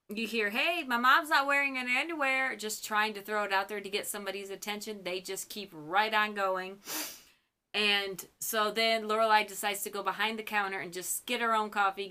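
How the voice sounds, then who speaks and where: A woman's voice: mid-range voice, sharp tone. A young woman from Michigan, recapping a TV episode in a gushing, chatty way as host of her fan channel. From Michigan, US Midwest.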